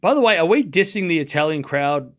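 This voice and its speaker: A man's voice: on the high side, lively intonation, fairly quick, fairly bright tone. Guy streaming and chatting w his viewers, lots of laughing n sarcasm, bouncy voice that jumps all over. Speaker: streamer hosting a live watchalong. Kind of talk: casual live-stream chat, reacting to chat messages.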